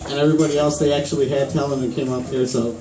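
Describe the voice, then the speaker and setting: A man's voice: mid-range voice, steady tone, very fast, very noisy. A man in his twenties doing a rambling, profane stand-up set at an open mic, chuckling at his own jokes. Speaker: stand-up comedian. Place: small bar open mic. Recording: echoey room, far mic, crowd laughter. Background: audience laughing.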